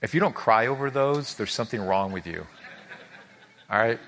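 Speaking at normal speed, this pastor has a fairly low, expressive voice with a fairly bright tone. Before a live congregation with a screen, his sermon is earnest and emphatic; he rises on key words and trips over repeated words when emotion takes him.

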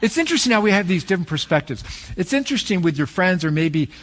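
A middle-aged man preaching a sermon as a pastor, conversational and storytelling, with animated peaks. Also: high-pitched, fast talker.

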